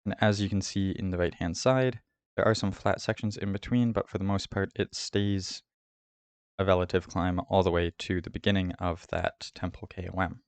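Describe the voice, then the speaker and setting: Man, very deep voice, dry close sound, calm methodical route explainer. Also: normal speed, clean tone, no echo. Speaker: host of a cycling route guide. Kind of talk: scripted voice-over over game footage.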